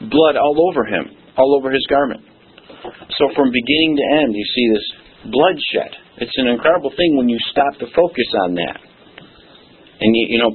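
A man's voice: medium pitch, husky. A man preaching a sermon, emphatic and folksy, often checking in with "okay?". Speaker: pastor. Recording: tinny phone-like lo-fi recording.

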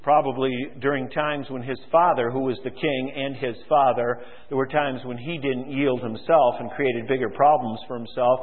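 A man's voice: mid-range voice, steady tone, moderate pace, few pauses. A male preacher giving a sermon in a large auditorium, talking conversationally and asking the congregation questions. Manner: conversational, asks the audience questions. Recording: tinny, echoing hall recording.

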